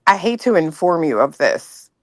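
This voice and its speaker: A woman's voice: on the low side, moderate pace, dry recording. A woman guest chatting casually and animatedly, swearing now and then. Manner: animated, swears, talks in quoted asides. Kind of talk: casual chat.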